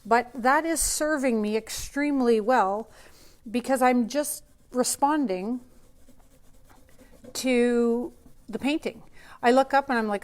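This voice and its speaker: A woman's voice: a little high, measured pace. A woman painter hosting a live open studio, chatting and thinking aloud as she demonstrates her process.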